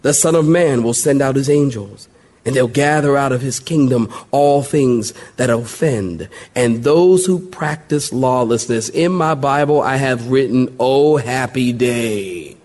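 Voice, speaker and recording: Animated pastor preaching live. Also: male voice, medium pitch, a little slow. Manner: animated, call-and-response with congregation. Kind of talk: verse-by-verse sermon, recorded live. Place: church sanctuary.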